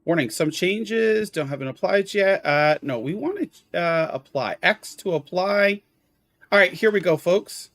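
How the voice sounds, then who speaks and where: A man's voice: sits high, lively intonation, measured pace, a bit bright, no echo. A man live-streaming a video game, chatting casually with viewers, exclaiming at the graphics and apologizing for hiccups.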